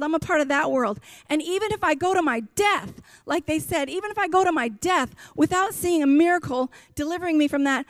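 A woman pastor delivers an impassioned sermon in a fairly high voice. She preaches emphatically and hammers her points with repetition. The sound is close and dry, with little room echo. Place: church.

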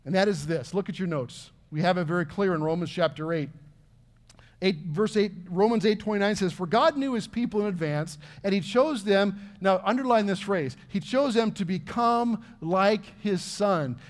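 A man's voice: sits high, normal speed. A middle-aged man, preaching a sermon in an earnest, conversational way full of questions to the congregation. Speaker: pastor.

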